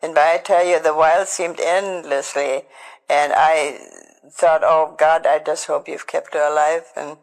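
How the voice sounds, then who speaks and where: Older woman, kinda low voice, telling her own story all halting and emotional, lots of restarts. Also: fairly even intonation, in a large hall, rough recording. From Germany. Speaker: Holocaust survivor giving testimony. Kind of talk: personal testimony storytelling.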